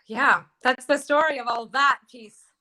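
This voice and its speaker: A woman telling a personal story as an interview guest, emphatic and repeating key phrases slowly. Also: high voice, bright, forceful tone.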